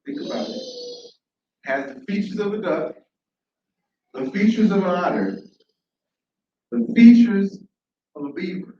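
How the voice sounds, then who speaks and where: A man tells a story live, animated and repeating his phrases as he engages the crowd. His voice sits high. He is heard from afar in a big echoing room, with a dull sound and faint room noise. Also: a little slow, long pauses. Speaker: storyteller at an open mic. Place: large room at a library event. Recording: echoey, dull, from far off.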